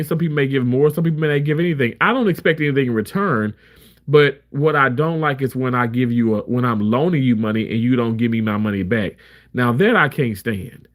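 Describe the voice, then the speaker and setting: Some streamer guy ranting to his viewers, real candid, keeps restarting sentences. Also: medium pitch. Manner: candid, emphatic, frequent restarts. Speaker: live streamer. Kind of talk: casual storytelling rant.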